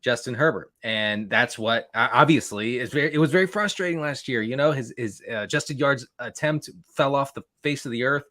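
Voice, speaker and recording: A man's voice: mid-range voice, bright, forceful tone. Rambling man talking fantasy football. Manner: rambling, repeats words, quick laughs. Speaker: guest analyst. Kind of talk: casual fantasy football podcast chat.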